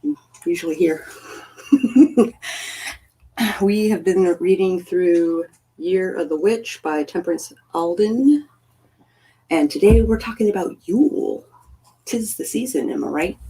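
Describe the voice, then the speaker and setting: A woman hosts a live stream in an easygoing, rambling way, playful and quick to poke fun at herself. Her voice is warm and mellow, with a slightly husky edge. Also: medium pitch, rough recording. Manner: rambling, playful, self-deprecating. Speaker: livestream host. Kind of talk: casual live-stream chat.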